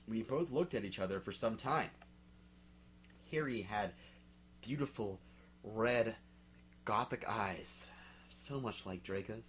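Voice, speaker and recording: A young man giving a comic dramatic reading, sniffly, swinging from mumbling to shouting. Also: lowish voice, a little hiss or hum. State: drinking, sniffly. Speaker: reader.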